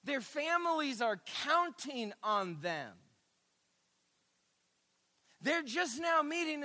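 A man pastor preaching a sermon in a church sanctuary, with emphatic bursts and hushed asides. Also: very high-pitched, very animated, slow, pauses often. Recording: reverberant hall.

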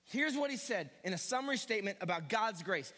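High, lively preaching man in a hall. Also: a little fast. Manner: animated preaching, swinging from quiet asides to shouted emphasis. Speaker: pastor. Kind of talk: sermon.

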